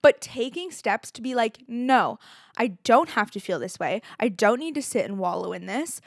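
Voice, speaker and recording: A young woman from Canada talks through her own podcast in a loose, candid, chatty way. Her voice sits a little high. The sound is dry and close. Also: animated, normal speed, gravelly, no room sound. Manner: candid and chatty, with filler likes and swearing. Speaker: podcast host. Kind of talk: casual solo podcast monologue.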